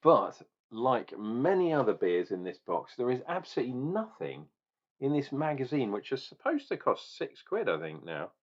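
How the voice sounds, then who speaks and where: A man's voice: mid-range voice, big pitch swings, normal speed, muffled recording. A man doing a casual beer review video, rambling with restarts and growing exasperated as he rants.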